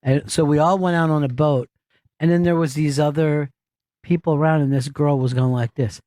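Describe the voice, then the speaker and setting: A man's voice: a little high, steady tone, moderate pace, warm tone, dry recording. A man hosting a comedy talk show, bantering in a wry, blunt and profane way. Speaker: host.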